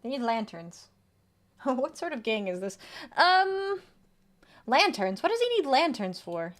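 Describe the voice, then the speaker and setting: A woman's voice: high voice, big pitch swings, takes it slowly, long pauses, fairly bright tone. A woman streamer chatting playfully through a video game, reading its text aloud and reacting to it. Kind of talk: casual gameplay commentary.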